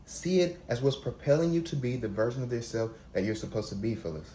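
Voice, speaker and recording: A man's voice: mid-range voice, expressive, fast, warm tone. A man giving a preachy motivational talk to his listeners, calling them fellas. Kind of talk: motivational monologue. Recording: echoey room with faint noise.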